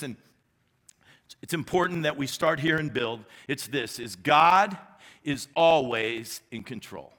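A man's voice: a little high, bright, forceful tone. A man preaching a sermon as executive pastor, conversational with emphatic repetition and a light touch of humor. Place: large church sanctuary. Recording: long reverb of a large church hall.

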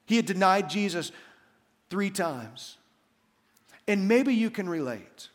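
A man preaching a sermon as pastor, telling a story and acting out the quoted lines. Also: high-pitched. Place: church hall. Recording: long church hall reverb.

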